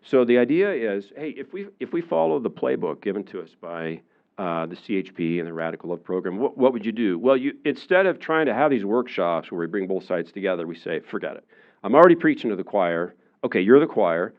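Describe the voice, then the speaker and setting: A man giving a public lecture in a relaxed, conversational way, with many fillers, often acting out the voices of the people he quotes. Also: lowish voice, brisk, narrow, tinny audio. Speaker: university lecturer. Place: lecture room.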